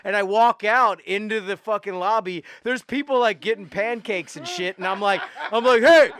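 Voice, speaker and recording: A man's voice: sits high, normal speed, sharp tone, dry recording, studio quality. A man hosting a podcast, telling a rowdy tour story in a loose, profane, laughing way with lots of restarts. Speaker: podcast host. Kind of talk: casual storytelling chat.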